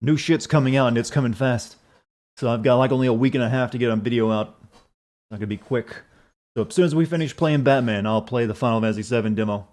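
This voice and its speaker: A man's voice: mid-range voice, a little mellow. A man streaming a video game, chatting casually, answering chat messages in a rambling, profane way.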